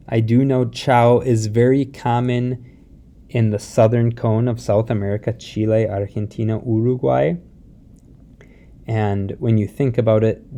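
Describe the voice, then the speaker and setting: A male teacher talks through a recorded lesson at an unhurried, deliberate pace. His voice sits at an ordinary middle pitch, and he explains each point patiently. He often pauses to check in with his students. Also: mellow. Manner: patient, explains slowly, mixes English and Spanish words; often adds a rising "see?" check-in. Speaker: Spanish teacher.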